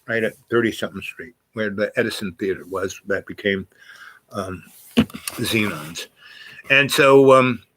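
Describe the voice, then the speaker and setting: A man's voice: lowish voice, pushed and bright. An older man telling meandering personal stories in a casual, profane way, full of fillers and restarts. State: achy and groaning from sitting too long. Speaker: storyteller. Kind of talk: rambling personal storytelling.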